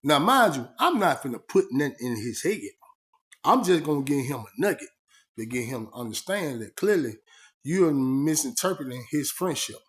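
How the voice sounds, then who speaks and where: A man's voice: a little high, big pitch swings, moderate pace, a bit bright. A man telling a personal story in a casual, slangy, conversational way. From Georgia, USA. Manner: slangy, conversational, retells talks by voicing both sides. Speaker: storyteller recounting prison life.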